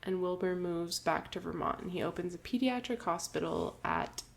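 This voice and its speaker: A woman co-hosting a podcast, casually retelling a book's plot with quick giggles and lots of "like". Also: on the low side, vocal fry. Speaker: podcast co-host. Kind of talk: casual book discussion.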